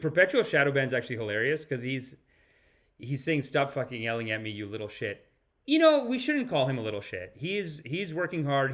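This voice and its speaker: A man hosting a live stream, talking at a middle pitch as he reacts to clips and reads out chat comments. His delivery rambles and restarts often, in a loose conversational way. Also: fairly bright tone. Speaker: podcast host.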